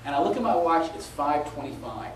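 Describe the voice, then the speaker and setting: Middle-aged male conference speaker, animated storyteller, recorded far off in a noisy, reverberant hall. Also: fairly high pitch, brisk. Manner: animated storyteller, laughing at his own story. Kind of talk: live anecdotal talk. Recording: echoey live hall, taped from a distance with noise.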